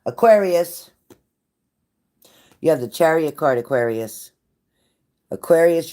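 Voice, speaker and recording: A woman's voice: low-pitched, animated, slow, long pauses, mellow. Woman, tarot reader, live reading, blunt, profane, repetitive, pep-talk delivery. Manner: repeats phrases for emphasis.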